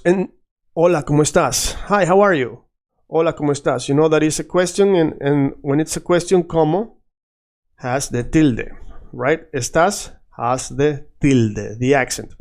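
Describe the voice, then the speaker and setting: A man teaching a casual video lesson, animated and drilling words by repetition. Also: a little high, unhurried. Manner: animated, switches between English and Spanish, repeats words for drill. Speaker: Spanish teacher.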